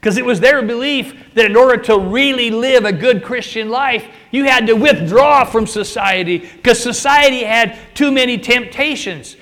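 A man with a high voice delivers a sermon, pushing his voice up and then letting it fall to drive each point home. His delivery is emphatic and earnest, the rhythm of a preacher at the pulpit. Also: a bit bright. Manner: emphatic, rising and falling for emphasis, acts out a joke with raised pitch.

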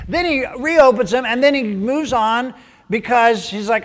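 A man preaching a sermon, telling the story in an animated way that swings from loud bursts to hushed asides. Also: very high-pitched, normal speed. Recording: long hall reverb.

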